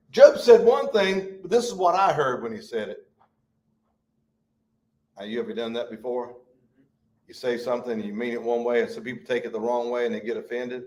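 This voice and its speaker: A man's voice: mid-range voice, normal speed, darkish tone. Folksy male Bible study teacher. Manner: folksy, acts out quotes with shifting voice. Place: church.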